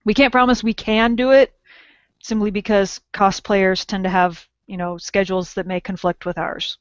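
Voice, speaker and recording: A woman's voice: medium pitch, level tone, normal speed, no echo. A woman from Southern California co-hosting a podcast in casual chat, laughing often and drawing out her vowels. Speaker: podcast co-host. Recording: dull lo-fi dry audio.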